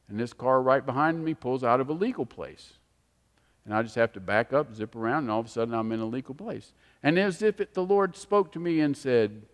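Guy preaching, kinda high voice, big echoey hall, gets loud then goes quiet. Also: normal speed. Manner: animated, storytelling, swings from emphatic to hushed. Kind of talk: sermon. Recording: long hall reverb.

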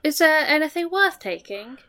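A woman's voice: high-pitched, very animated, moderate pace, sharp tone. A woman, playing a tabletop game in a playful, chatty way. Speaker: player.

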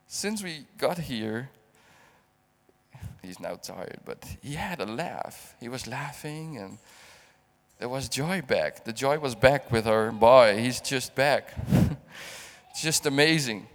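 A middle-aged man from the Netherlands gives an emotional sermon. He speaks slowly and haltingly, repeating words as he searches for them, at an ordinary middle pitch. His voice rings out with the long reverb of a church hall. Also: expressive. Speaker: guest preacher.

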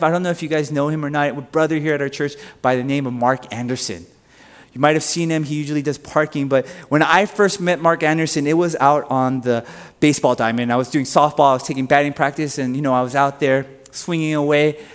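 Pastor guy preaching, pretty high voice, says the big lines twice, long echo in a church hall. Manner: repeats key lines for emphasis. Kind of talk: sermon.

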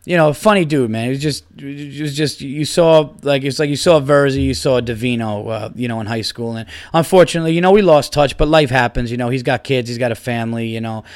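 Profane rambling man, smooth dry voice. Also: mid-range voice, brisk, few pauses, no echo. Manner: profane, rambling, laughs through stories. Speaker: podcast host. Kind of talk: casual storytelling monologue.

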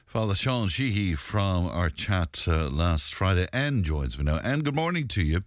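A man hosting a radio phone-in, easygoing and gently teasing with his callers. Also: deep voice, very animated, a little slow, no echo, clean studio sound. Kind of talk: casual radio chat. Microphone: studio microphone.

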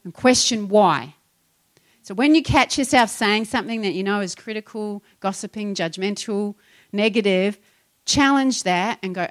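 A middle-aged woman pastor, preaching in a conversational and animated way and acting out her own complaints. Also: mid-range voice, normal speed. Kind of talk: sermon.

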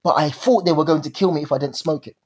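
A young man telling a story in casual chat, animated and full of slang, acting out his own drama. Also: a little high, fast talker, breathy edge.

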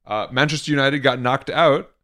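A man's voice: mid-range voice, fairly even intonation, normal speed, fairly bright tone. A man co-hosting a casual podcast, reading news items aloud with sarcastic asides. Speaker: podcast co-host.

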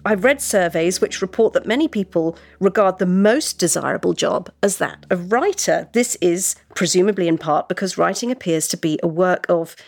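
Gravelly-voiced woman interviewer, dry sound. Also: on the low side, expressive, no room sound. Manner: measured, prepared, reading from notes. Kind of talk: interview questions.

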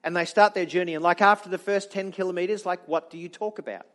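Animated high-voiced male preacher. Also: fast talker. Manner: animated, chatty, frequent restarts. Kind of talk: storytelling sermon.

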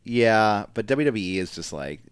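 A young man with a lowish voice recaps a wrestling show in loose, rambling podcast chat. He's recorded close and dry. He leans on fillers and quick asides. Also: animated, clear, resonant tone, no room sound. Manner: chatty, rambling, mimics wrestlers in quotes. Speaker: podcast co-host.

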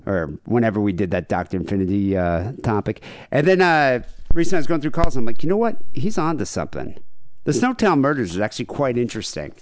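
A man's voice: mid-range voice, expressive, quick pace, few pauses, no echo. A man hosting a podcast, chatting casually and reading out case notes with wry, dry commentary. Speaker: podcast host.

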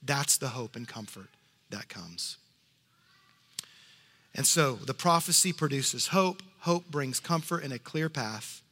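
Expressive male pastor in reverberant hall. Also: medium pitch, takes it slowly, long pauses, breathy edge. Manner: expressive, dropping to soft hushed tones for emphasis; conversational asides. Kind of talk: sermon.

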